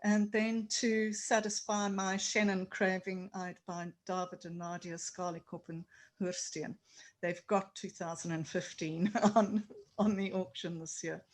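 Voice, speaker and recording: A woman from South Africa talks through wines on a casual panel. She is knowledgeable and precise with figures, yet she often pauses and reaches for words. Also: medium pitch, flat delivery, poor audio. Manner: knowledgeable, hesitant with fillers. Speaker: wine expert panelist.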